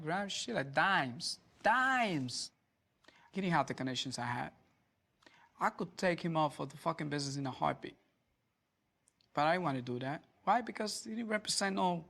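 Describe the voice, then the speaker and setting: A man's voice: on the high side, creaky, fairly bright tone. A man who once led a drug gang, talking in an interview in a boastful, profane, emphatic way. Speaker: former drug gang leader. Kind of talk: documentary interview.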